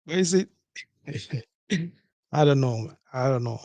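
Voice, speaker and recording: A man's voice: mid-range voice, lively intonation, takes it slowly, darkish tone, no room sound. A man hosting a solo podcast, talking in a rhetorical way, repeating his points and asking "okay?" to his listeners. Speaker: podcast host.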